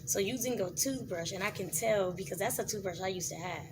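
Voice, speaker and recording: A woman's voice: medium pitch, a little fast, a little mellow, a little hiss or hum, low-quality recording. A woman being interviewed in casual chat, giggly and chatty, saying she loves laughing. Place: outdoors in public.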